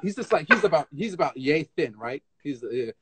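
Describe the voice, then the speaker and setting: A man as guest in a casual live interview, an animated storyteller who scats rhythms and restarts often, on a phone stream. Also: on the high side, a little fast, breathy edge, no room sound. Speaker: guest tap dancer.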